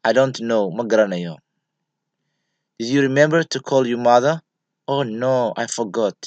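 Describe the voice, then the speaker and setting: A man with a Somali accent teaching English, reading each phrase slowly and then translating and explaining it. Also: mid-range voice, darkish tone, no echo, highs cut off. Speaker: language teacher.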